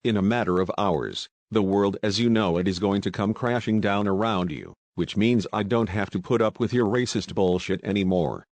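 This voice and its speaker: A man voicing a calm, menacing army sergeant who speaks with quiet, controlled threat in an audiobook. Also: fairly low pitch, moderate pace, hardly any pauses, no echo, close to an everyday voice.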